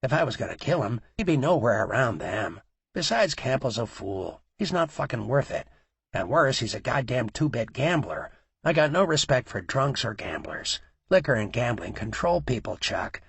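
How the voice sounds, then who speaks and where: A man voicing a cold, cruel male mob boss who taunts in a low voice that he rarely raises. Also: big pitch swings, moderate pace, vocal fry, fairly bright tone, breathy edge, no room sound, full character voice. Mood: lecturing.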